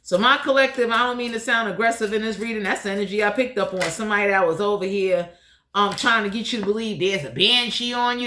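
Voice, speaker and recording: A woman's voice: a little high, sharp tone. A woman doing a blunt, profane, heated tarot reading in a casual monologue. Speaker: tarot reader. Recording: echoey room.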